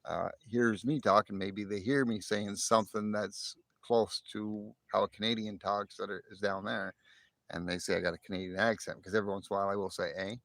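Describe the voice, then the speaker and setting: A middle-aged man livestreams from his phone outdoors in the morning sun, chatting casually with viewers, laughing often, and doing jokey put-on voices. His voice is lowish with vocal fry and a fairly bright tone, his intonation fairly even, and his pace a little fast, with no room sound.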